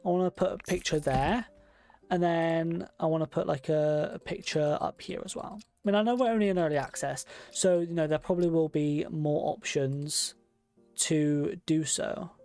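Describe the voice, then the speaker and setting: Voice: medium pitch, fairly even intonation, moderate pace, a little mellow, faint music behind. A game streamer, chatting casually and thinking aloud while decorating a room in a game. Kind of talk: casual gameplay commentary.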